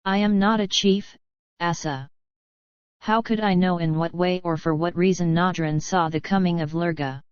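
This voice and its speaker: A woman's voice: fairly low pitch, steady tone, normal speed, clear, resonant tone, no room sound, natural voice. Cowering fearful tribesman, read by a woman, sullen, pleading, dry, slightly dull sound.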